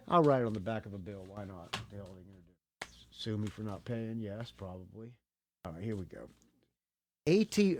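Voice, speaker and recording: A man's voice: mid-range voice, a little mellow, no room sound. A middle-aged man hosting his own podcast, talking casually in a rambling, joking way with lots of fillers and restarts. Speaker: podcast host. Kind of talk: casual solo podcast talk.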